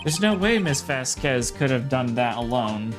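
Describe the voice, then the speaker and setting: A woman's voice: rumbling low, animated, moderate pace, over music, voice pushed down. Woman reading as an earnest young male defense lawyer. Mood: arguing.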